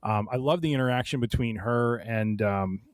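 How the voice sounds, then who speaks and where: A man's voice: mid-range voice, moderate pace, no echo. A podcast host talks through a book discussion at an easy, meandering pace, circling back and restarting his thoughts. His voice sits in a middle register. The sound is dry and close, with no room around it. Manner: rambling, many restarts and fillers.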